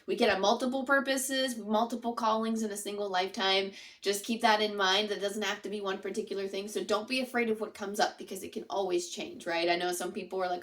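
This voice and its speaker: A woman's voice: medium pitch, fairly even intonation, fairly quick, fairly bright tone. A woman giving a casual spoken tarot reading to her viewers, earnest and chatty, leaning on "like" and "it's almost like". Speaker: tarot reader.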